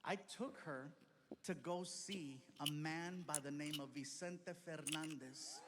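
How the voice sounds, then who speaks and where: A male comedian telling a long story on stage, acting out every character, on a recording with clear background noise. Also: fairly high pitch, slow, in a large hall. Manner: animated, acts out every character. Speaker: stand-up comedian. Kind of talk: stand-up storytelling.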